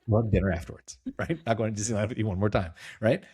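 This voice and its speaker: A middle-aged man speaks as an interview guest with a husky, slightly low voice. He tells stories in a relaxed, lively way, acting out other people's lines and laughing easily. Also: fast talker. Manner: lively storyteller, acts out quotes, laughs easily. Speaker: guest, company CEO. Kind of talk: casual storytelling interview.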